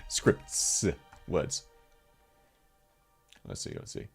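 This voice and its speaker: A man's voice: fairly low pitch, lively intonation, moderate pace, faint music behind. A man with a cold, chatting casually on a livestream, reading chat and laughing often. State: sick with a cold. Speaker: VTuber streamer.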